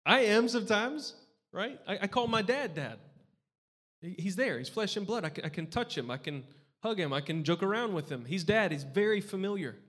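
A man's voice: high-pitched, lively intonation, moderate pace, a bit bright. A pastor in his thirties preaching a sermon, talking in a conversational way and often asking the congregation questions. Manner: conversational, asks the crowd questions. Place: church hall. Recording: hall reverb in a church.

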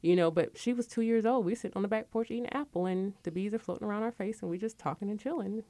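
Her pace is quick and the recording dry as this woman in her forties hosts a radio talk show. She speaks openly and candidly about her life and work in a chatty, lively way punctuated by sudden high bursts.

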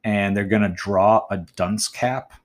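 A man's voice: fairly low pitch, steady tone, measured pace. A man hosting a movie essay podcast, thinking aloud through his writing choices and giving listeners friendly, encouraging tips. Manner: chatty and encouraging, addresses listeners as folks; muses aloud, weighing options with questions.

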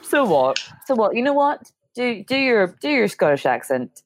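A woman comedian chatting casually on a remote call, animated and quick to laugh. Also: a little high, slight background noise. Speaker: comedian panelist. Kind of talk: casual chat.

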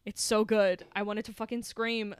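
Female podcast co-host, casual animated film recap; smooth, dry and close. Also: mid-range voice, moderate pace, dry recording. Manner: animated retelling with quoted voices, swearing. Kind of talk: casual movie recap chat.

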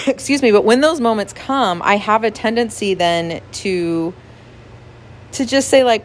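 A woman hosts a casual devotional podcast and speaks in a candid, personal way. Her voice sits at a middle pitch. She often tags her thoughts with "like" and "right?" as she talks to her listeners. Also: unhurried. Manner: candid and personal, with frequent "like" and "right?" and soft laughs. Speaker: podcast host.

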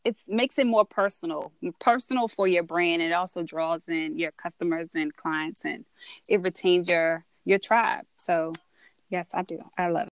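Podcast host, woman, lower voice, warm affirming interviewer, dry close recording. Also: normal speed, clean tone, no room sound. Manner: affirming, encouraging. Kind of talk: conversational interview.

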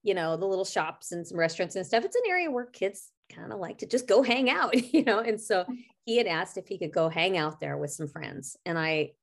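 A woman's voice: medium pitch, sing-song, fairly quick. A middle-aged woman co-hosting a podcast, telling a personal story in an earnest, reflective, conversational way. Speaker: podcast co-host.

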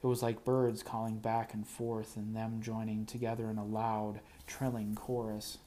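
Male audiobook narrator, lower voice, dry wry first-person read. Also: level tone, normal speed, mellow, slight background noise.

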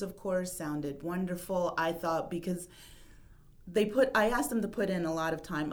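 A woman who writes and produces an audio drama, chatting casually in an interview, often trailing off with fillers and laughing easily. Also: on the low side.

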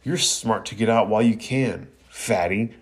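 A man's voice: fairly low pitch, normal speed, close to an everyday voice. A man reading a mocking young villain ninja who taunts his enemies.

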